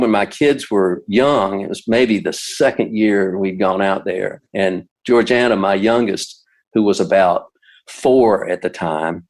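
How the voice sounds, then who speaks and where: Older man, low-voiced rambling storyteller. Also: poor audio. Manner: rambling, with many restarts and asides. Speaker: musician and storyteller guest. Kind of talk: casual anecdote telling.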